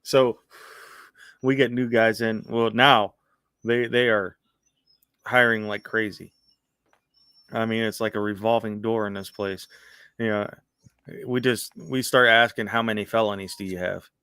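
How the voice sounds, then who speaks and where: A man co-hosting a podcast, a veteran factory worker talking gruffly and jokingly in casual chat. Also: fairly low pitch, steady tone, a little slow, pauses often, bright, forceful tone, no room sound. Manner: gruff, joking, self-described gripey old man. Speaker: podcast co-host.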